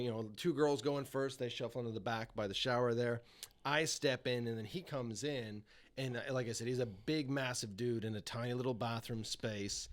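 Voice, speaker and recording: A man's voice: mid-range voice, sharp tone. A young man, a podcast guest, telling a story casually and animatedly, swearing and laughing as he goes.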